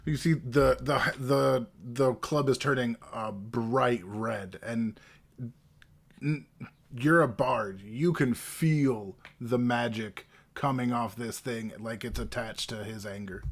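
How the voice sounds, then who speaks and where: Slow, halting man narrating a game. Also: medium pitch, vocal fry. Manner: relaxed, halting narration with fillers. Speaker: game master.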